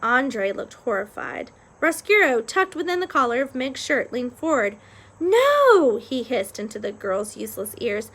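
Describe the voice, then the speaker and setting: A woman reading a children's novel aloud with expressive storytelling. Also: fairly high pitch, normal speed, hardly any pauses. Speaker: reader.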